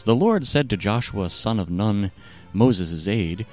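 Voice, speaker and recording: A man narrating a satirical retelling of a scripture story in a deadpan, sardonic manner. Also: lowish voice, slow pace. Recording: faint music underneath.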